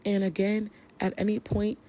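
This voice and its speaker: A woman's voice: mid-range voice, level tone, normal speed, dark tone. A woman giving an angry, profane rant to the camera about a falling-out with a friend. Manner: heated, profane, confrontational. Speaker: social media personality.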